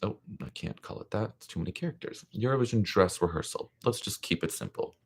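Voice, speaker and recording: Young guy doing a livestream reaction, kinda low voice, hyped and chatty, all over the place. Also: moderate pace, slightly rough. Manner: excitable, chatty, scattered, frank opinions. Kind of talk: casual live reaction commentary.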